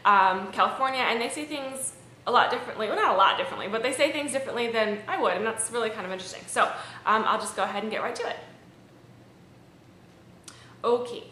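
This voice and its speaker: Woman vlogger from Maryland, high and bright, chatty and rambling, echoey room. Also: quick pace, slight background noise. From Maryland, USA. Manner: chatty, rambling, with frequent ums. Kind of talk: casual chat to camera.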